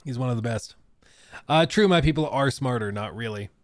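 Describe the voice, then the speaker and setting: A man's voice: medium pitch, lively intonation, brisk, no echo. A man hosting a casual gaming livestream, rambling loosely, laughing often and reading out chat messages. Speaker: gaming streamer.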